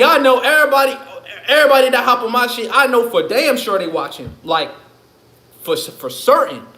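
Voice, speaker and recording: A man's voice: very high voice, sharp tone. A man ranting on his livestream in a loose, profane, rambling way, laughing often. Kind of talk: casual livestream rant. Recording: echoey room.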